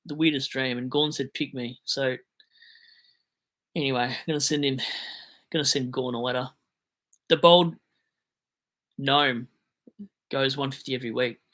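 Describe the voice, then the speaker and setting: His mid-range voice sounds pushed and bright as he chats casually on his livestream. The young Australian host reads viewer comments aloud, answers their questions, and rambles with jokey self-deprecation.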